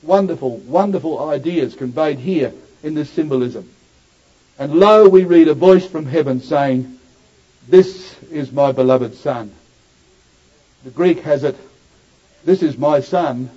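High-voiced man preaching a sermon, lo-fi. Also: a little slow, mellow. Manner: earnest, rising to emphatic peaks on scripture; addresses listeners as brothers and sisters. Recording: dull lo-fi recording.

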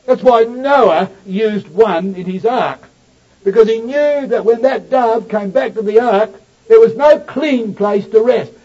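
High-voiced man preaching a sermon, lo-fi. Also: measured pace. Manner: earnest, rising to emphatic peaks on scripture; addresses listeners as brothers and sisters. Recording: dull lo-fi recording.

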